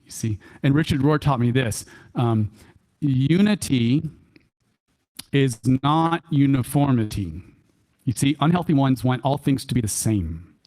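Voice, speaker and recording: Male workshop speaker, Texan accent, mid-range voice, lively church talk with folksy asides and repeated key lines. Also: mid-range voice. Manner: animated, repeats key phrases for emphasis; chuckles often, folksy asides. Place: church hall.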